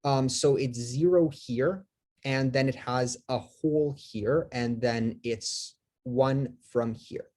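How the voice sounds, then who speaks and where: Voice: medium pitch, slow pace, darkish tone. A lecturer giving a live math lecture, talking with many fillers, restarts and self-corrections, and asking the class questions.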